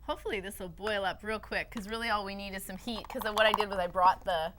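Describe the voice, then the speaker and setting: A woman guest talks quickly through a cooking demonstration, chatty and a little rambling. The studio sound carries clear background noise. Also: medium pitch, fairly even intonation. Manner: chatty, rambling, explains as she cooks. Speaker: cookbook author guest.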